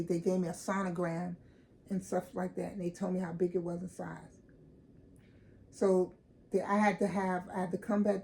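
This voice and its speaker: Brief: a blunt woman vlogger with a gravelly, warm tone, telling a story straight and unfiltered. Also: lowish voice, a little hiss or hum. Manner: candid, emphatic, repeats and restarts, swears. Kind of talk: casual storytime vlog.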